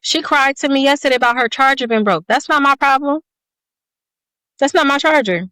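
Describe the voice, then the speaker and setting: A woman's voice: high-pitched, pushed and bright, no room sound. Woman co-host, casual chat, blunt and profane, dry close sound. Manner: blunt, profane, talks fast in long stories. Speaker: podcast co-host.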